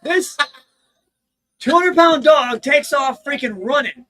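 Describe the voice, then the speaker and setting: Young man with a very high, bright voice. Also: normal speed. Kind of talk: casual storytelling chat.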